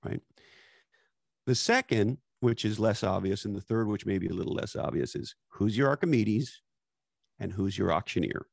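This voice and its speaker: A low-pitched man with a gravelly, creaky voice hosts a podcast conversation. He talks emphatically and bluntly, dropping casual profanity and catchphrases. The sound is dry and close. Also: normal speed, no echo. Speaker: podcast host.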